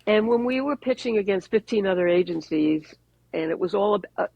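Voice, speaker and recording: Brief: gravelly woman guest, husky, dry close sound, lively storytelling with wry humor. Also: mid-range voice, fairly quick, no echo, lo-fi sound. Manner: animated anecdotes with wry jokes. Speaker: advertising executive guest. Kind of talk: conversational storytelling. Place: podcast interview.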